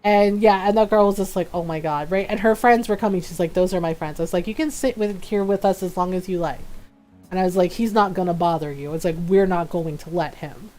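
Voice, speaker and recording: A woman's voice: lowish voice, a little fast, faint music behind. A woman streaming a game, telling stories in a rambling, casual way with lots of filler words and acted-out dialogue. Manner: animated, acts out quoted dialogue. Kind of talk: casual storytelling chat while gaming.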